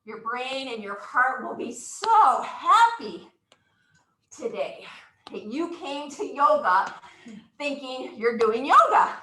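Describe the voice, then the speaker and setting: A woman's voice: sits high, sing-song, slow, bright, forceful tone, echoey room, a little hiss or hum, low-quality recording. A woman leading a live exercise class, upbeat and encouraging, counting out moves with whoops and getting out of breath. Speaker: exercise instructor.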